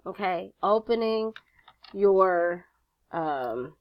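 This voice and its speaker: Sassy chatty woman with lively pitch. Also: extremely slow, highs cut off. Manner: sassy, chatty, swears casually. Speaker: jewelry-making instructor. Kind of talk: casual craft tutorial.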